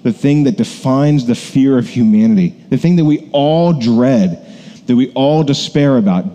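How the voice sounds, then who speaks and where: A man's voice: medium pitch, warm tone, lo-fi sound. A man, a pastor, preaching a casual, conversational sermon full of asides and fillers.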